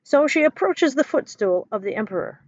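A woman narrating a children's story aloud in an expressive storytelling manner. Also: high-pitched, normal speed, highs cut off.

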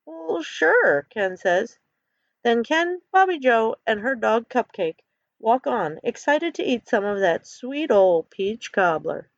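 A woman reading her own story aloud in an earnest, expressive way. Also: fairly high pitch, slow pace, dry recording. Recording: dull lo-fi recording.

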